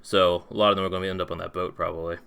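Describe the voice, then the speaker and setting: A man playing a busy male tavern barkeep who talks in a brisk, apologetic, chatty way. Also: low-pitched, little pitch movement, gravelly, fairly bright tone, clean tone. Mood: harried.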